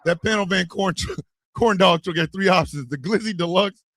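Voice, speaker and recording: An American man hosting a podcast, joking loudly and laughing through rowdy casual banter. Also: high-pitched, moderate pace, dry recording. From United States. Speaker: podcast host. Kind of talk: comedic casual chat.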